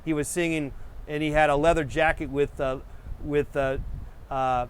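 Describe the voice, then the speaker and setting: A man's voice: on the high side, steady tone, moderate pace, slight background noise. A middle-aged man hosting a painting show, chatting casually and drifting from one story to the next. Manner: rambling, digressive, easygoing. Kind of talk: casual rambling chat to viewers.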